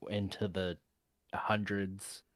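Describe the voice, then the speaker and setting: A man's voice: low voice, flat delivery, slow pace, no echo, studio quality. A man co-hosting a casual podcast chat, talking bluntly and swearing freely. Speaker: podcast co-host.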